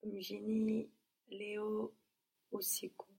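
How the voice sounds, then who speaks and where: A woman's voice: mid-range voice, completely flat delivery, very slow, creaky, mellow, husky. A woman as a language student, answering drills with short, hesitant replies.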